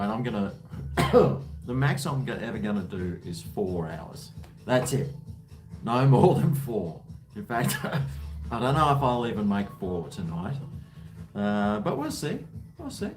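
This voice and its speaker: A man, hosting a casual home livestream, tired and rambling with many fillers and restarts. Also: medium pitch. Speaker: livestream host. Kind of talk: casual livestream chat while drinking.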